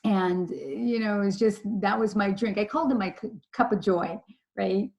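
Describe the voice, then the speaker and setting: A woman presenting a leadership lesson from her slides. She tells her stories in a chatty, animated way, her voice at an ordinary middle pitch. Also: normal speed, gravelly, low-quality recording. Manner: storytelling, chatty, animated retelling. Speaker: leadership trainer.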